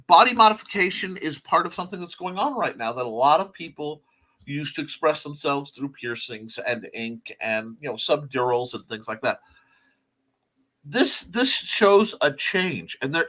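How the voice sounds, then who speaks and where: Rambling bright-voiced male host. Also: a little high. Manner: rambling, filler-heavy, many restarts. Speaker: talk show host. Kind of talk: casual livestream chat.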